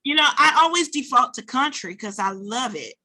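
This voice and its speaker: A woman hosts a show in casual chat, with a high, bright voice that swings widely in pitch. She is from the northern United States and jokes and laughs through the banter. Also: animated, moderate pace. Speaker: show host.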